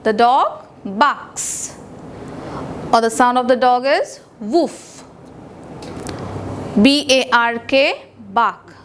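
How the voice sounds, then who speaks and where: A woman teacher with an Indian English accent reads a children's lesson in a high, bright voice. She talks very slowly and deliberately, spelling words out letter by letter. Faint noise sits under the recording.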